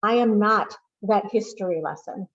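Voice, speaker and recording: A woman poet giving a deliberate, emphatic poetry reading over a video call. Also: medium pitch, a bit bright, dull audio.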